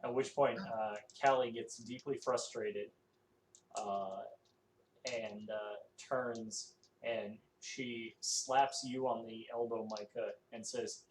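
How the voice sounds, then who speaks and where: A man narrating a tabletop game as game master, halting and full of fillers. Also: medium pitch, fairly even intonation. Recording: echoey room, faint noise.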